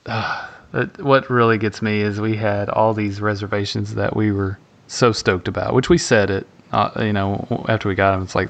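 A man's voice: fairly low pitch, flat delivery, moderate pace, creaky, muffled recording. A man from Tennessee, co-hosting a podcast in casual chat, rambling with lots of fillers. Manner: rambling, hesitant with many fillers. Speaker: podcast co-host.

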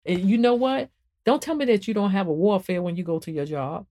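A woman hosting a spiritual podcast and talking about her book, preaching to listeners in an animated, emphatic way and repeating phrases for emphasis. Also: a little fast. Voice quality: emphatic and animated, swings up and down in pitch. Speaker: podcast host and author.

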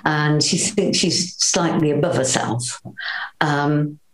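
An older Welsh actress telling lively anecdotes in an interview, acting out the voices she quotes. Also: low voice, takes it slowly, echoey room, poor audio. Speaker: actress guest.

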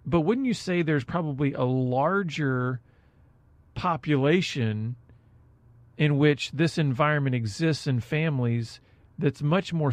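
A man's voice: mid-range voice, no echo. A man co-hosting a faith-based discussion, thoughtfully posing long, searching questions. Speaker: co-host.

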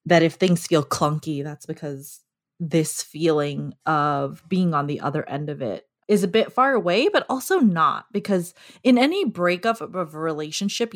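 A woman co-hosting a podcast in casual chat. She talks reflectively and thinks aloud, with pauses. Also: deep voice. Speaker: podcast co-host.

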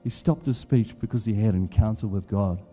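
A man's voice: lowish voice, fairly quick, dark tone, big-room sound, soft background music. A man preaching a sermon, telling a personal story in a loose, conversational way with plenty of fillers.

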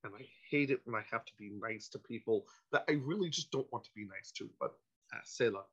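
A man, a podcast guest, telling a casual anecdote in an animated, self-interrupting way, on a dull lo-fi recording. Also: mid-range voice, a little fast, breathy edge.

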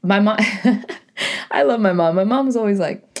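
A young woman with a deep, raspy voice and a New England accent, hosting her own podcast as a poet in a rambling, casual monologue full of "like" and "you know". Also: expressive, normal speed, a little mellow. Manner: rambling, lots of "like" and "you know", self-correcting.

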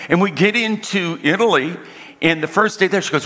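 A man preaching a sermon, telling a personal story with humor and emphatic slowdowns. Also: high voice, bright, forceful tone. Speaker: pastor. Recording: reverberant hall.

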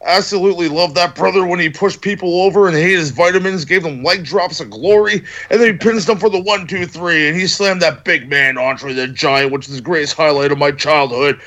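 A man's voice: on the high side, fairly quick, few pauses, pushed and bright. Playful man telling a story. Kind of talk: casual chat.

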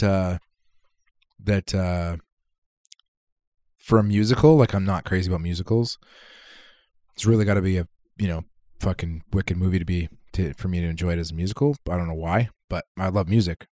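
A man's voice: deep voice, moderate pace, dark tone, dry recording, clean studio sound. A man co-hosting a podcast, chatting casually and swearing freely as he rambles through stories. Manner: profane, rambling storyteller. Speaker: podcast co-host. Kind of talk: casual chat.

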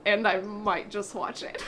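A woman host in a casual panel chat, at a middle pitch for a woman. She reads news items aloud and drops dry little asides between them. Faint noise sits under her voice. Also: little pitch movement, measured pace, a bit bright. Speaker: show host presenting entertainment news.

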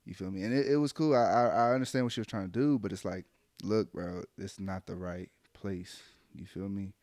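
A man with a lowish voice tells a story in relaxed, profane chat. He is animated and slips into the voices of the people he quotes. The sound is dry and close. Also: a little fast, dry recording. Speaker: podcast co-host telling a story.

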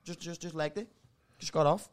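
High-voiced man spinning a yarn. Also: normal speed. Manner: rambling, repeats "listen" and "like", bursts of laughter. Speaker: podcast guest. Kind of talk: casual comedic storytelling.

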